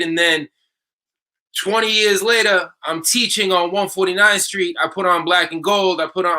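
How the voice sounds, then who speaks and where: A man co-hosting a discussion, an animated storyteller who calls out slogans. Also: fairly high pitch. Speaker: co-host, teacher. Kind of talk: casual discussion.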